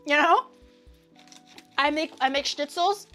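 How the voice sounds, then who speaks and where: A woman hosting a casual livestream, talking to chat in an animated, ranting way and swearing freely. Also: high-pitched, moderate pace, soft background music. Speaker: livestream host.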